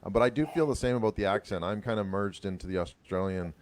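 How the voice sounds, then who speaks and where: A man's voice: lowish voice, fast, a little hiss or hum. A man with a Canadian accent hosting a livestream talk show, reading upbeat introductions before chatting with his guests. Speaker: host.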